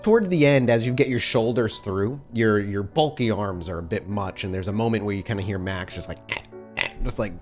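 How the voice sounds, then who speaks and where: A man's voice: lowish voice, brisk, few pauses, a little mellow, faint music behind. Man narrating a tabletop game. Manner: descriptive, second-person scene narration. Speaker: game master.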